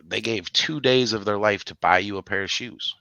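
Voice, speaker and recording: Deep-voiced man telling a lively story. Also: normal speed, gravelly, smooth, no echo, highs cut off. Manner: animated storyteller, breaks into high-pitched laughing bursts. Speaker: podcast co-host. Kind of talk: casual chat.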